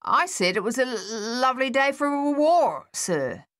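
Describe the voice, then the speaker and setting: A woman's voice: high-pitched, big pitch swings, unhurried, a bit bright, pitched above the performer's own voice, heavily acted. A woman voicing a stammering young soldier. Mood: halting. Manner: stutters on words. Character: stammering young male soldier, shy and steady.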